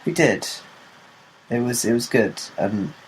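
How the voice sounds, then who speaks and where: A man's voice: medium pitch, animated, unhurried, slight background noise, rough recording. A young man co-hosting a casual podcast, chatty and giggly, swearing now and then and acting out quoted lines. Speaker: podcast co-host. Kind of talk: casual chat.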